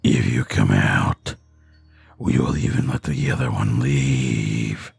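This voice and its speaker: A man voicing a menacing demonic monster that taunts its prey in a deep, slow, growling voice. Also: vocal fry, darkish tone, slightly rough, no room sound, soft background music, heavily acted. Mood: taunting.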